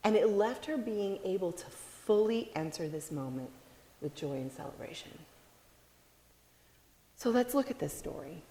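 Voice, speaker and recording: A woman preaching a sermon, telling a story with expressive delivery and acting out the people in it. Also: medium pitch, moderate pace, long pauses, big-room sound, a little hiss or hum.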